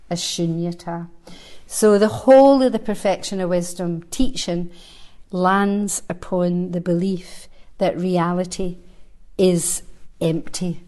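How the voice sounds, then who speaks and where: A Buddhist teacher in her sixties, her voice fairly low and dark, gives a dharma talk before a live group at a centre. Between the verses she reads out, she thinks aloud in a relaxed, conversational way with light humor.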